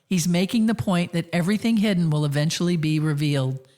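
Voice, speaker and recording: A woman with a fairly low voice hosts a relaxed podcast chat. She tells stories in an easygoing way, laughing often between thoughts. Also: fast. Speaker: podcast host. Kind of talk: casual conversation.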